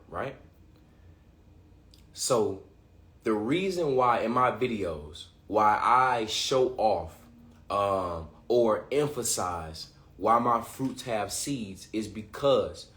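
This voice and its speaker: A man hosting a livestream, talking excitedly in casual slang, often restarting and repeating himself. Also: lowish voice, reverberant. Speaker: livestream host. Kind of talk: live-streamed talk to viewers.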